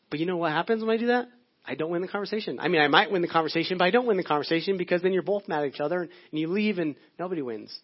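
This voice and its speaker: A man's voice: high-pitched, rapid-fire. A male pastor giving a sermon in a conversational, storytelling way. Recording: dull lo-fi audio.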